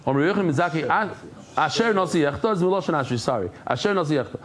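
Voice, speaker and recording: Racing along in a higher-pitched voice, a male Daf Yomi instructor gives a Talmud lesson. He brings his stories to life by voicing the characters and blending in Hebrew and Yiddish expressions.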